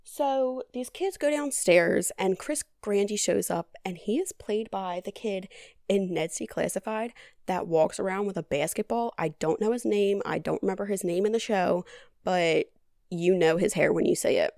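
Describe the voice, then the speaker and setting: A woman hosts a podcast and retells a movie plot in a chatty, deadpan, sarcastic way, with plenty of "like". Her mid-pitched voice carries a gravelly vocal fry. The recording is close and dry, with no room sound. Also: normal speed, dry recording. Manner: chatty, heavy on "like". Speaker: podcast host. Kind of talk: casual movie recap.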